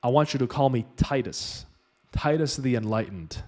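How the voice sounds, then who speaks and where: A man's voice: medium pitch, expressive, moderate pace, a little mellow, close to an everyday voice. A man acting out a pushy self-important acupuncturist. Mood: solemn. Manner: harsh, demanding, self-important. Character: pushy grandiose male acupuncturist, aggressive and condescending.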